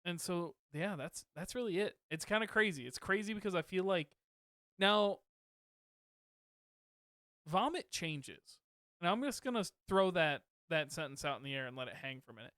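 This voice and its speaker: A man's voice: sits high, animated, fairly quick, a bit bright, clear, resonant tone, no room sound, studio quality. A man co-hosting a podcast, chatting casually and animatedly about parenting. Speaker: podcast co-host, father. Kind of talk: casual chat.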